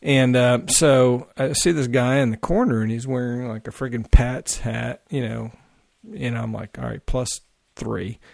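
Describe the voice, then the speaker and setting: A male podcast guest with a gravelly, creaky voice, rambling through a story with fillers and cursing. He is recorded close and dry, with no room echo. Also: medium pitch, unhurried. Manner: rambling, animated, heavy with fillers and swearing. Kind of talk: casual storytelling.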